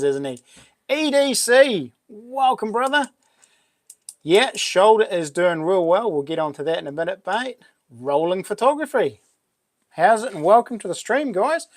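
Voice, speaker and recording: A man with a high voice and a New Zealand accent runs a livestream, greeting chatters as "buddy" and "mate" in a relaxed, upbeat manner. The recording is dry and of studio quality.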